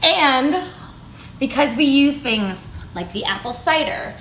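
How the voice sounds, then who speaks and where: Bubbly high-voiced woman cooking live. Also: slow, reverberant, a little hiss or hum. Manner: bubbly, chatty and excitable. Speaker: cooking show host.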